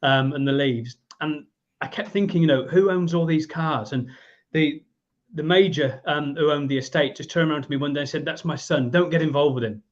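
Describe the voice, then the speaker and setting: A man's voice: on the high side, normal speed. English man in his fifties, muffled audio. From England. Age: 50s. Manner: lively storyteller, briefly voicing the people in his story. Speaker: guest, business owner. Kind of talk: storytelling in a podcast interview.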